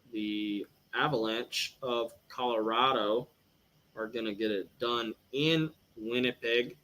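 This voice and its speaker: A man's voice: mid-range voice, fairly bright tone, rough recording. A young man hosting a sports podcast live stream, rambling through betting picks and draft talk with lots of fillers. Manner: rambling, filler-heavy, thinks aloud. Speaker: podcast host.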